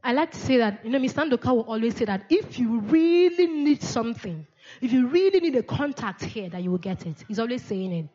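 A woman's voice: on the high side, expressive, brisk, warm tone, muffled recording. A woman preaching a sermon in a church, asking the congregation questions and repeating key words, with frequent amens.

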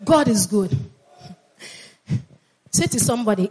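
A woman's voice: fairly high pitch, lively intonation, a little slow, long pauses, breathy edge. A woman preaching a sermon with fervor, repeating phrases and calling on the congregation to answer back. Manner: fervent, repeats phrases, calls on congregation to respond.

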